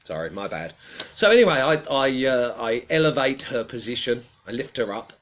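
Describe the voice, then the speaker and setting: Middle-pitched man, casual livestream host, chuckling storyteller, faint outdoor ambience. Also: very animated, normal speed, fairly bright tone, slight background noise. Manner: rambling, self-deprecating storyteller, chuckles often.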